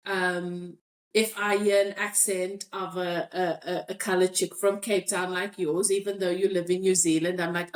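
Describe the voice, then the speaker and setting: Speaking at a moderate pace with little pitch movement, a South African woman with a lowish voice hosts a podcast. She talks things through thoughtfully in casual discussion, reading out listener comments.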